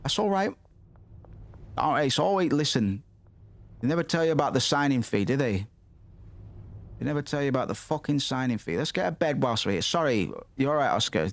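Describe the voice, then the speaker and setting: A man's voice: medium pitch, expressive, brisk. A young man swearing and rambling through casual commentary while playing a game. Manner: sweary, rambling, muttering asides. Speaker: gaming streamer.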